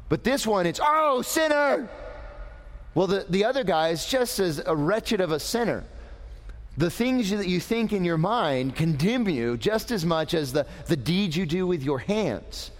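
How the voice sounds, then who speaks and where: Slow, lively preacher in a reverberant hall. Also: male voice, a little high. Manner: animated, asks the audience questions. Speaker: preacher teaching young people. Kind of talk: lively sermon.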